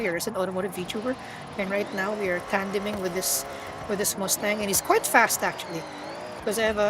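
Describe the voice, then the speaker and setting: A young woman streaming a driving game, excitable and stammering, often squealing and laughing as she drives. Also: on the high side. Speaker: automotive VTuber streamer. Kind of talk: live gaming stream commentary. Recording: car engine noise behind.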